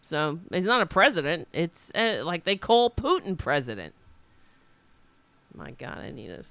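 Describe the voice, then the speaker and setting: A woman rambles through a political livestream, her pitch swinging widely as she gets worked up and then drops low again. Her voice is smooth and resonant, and the sound is close and dry with no room around it. She keeps restarting her sentences. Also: sing-song, measured pace, fairly bright tone, no room sound. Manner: rambling and indignant, with frequent restarts. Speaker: livestream host. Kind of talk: casual political commentary livestream.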